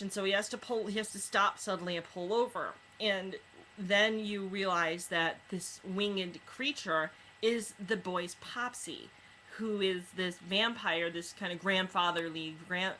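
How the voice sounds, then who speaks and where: A woman reviewing books in a casual chat, retelling stories with lots of fillers and quick asides. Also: fairly low pitch, bright, forceful tone, slight background noise, poor audio. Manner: chatty retelling with many fillers. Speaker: book reviewer.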